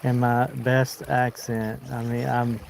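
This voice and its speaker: A man's voice: mid-range voice, flat delivery, takes it slowly, vocal fry, a little mellow, a little hiss or hum. A man with a Southern American accent from Arkansas, chatting casually on a fishing livestream while wading a river and answering viewers. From Arkansas, United States. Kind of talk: casual live-stream chat. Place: outdoors wading in a river under a bridge.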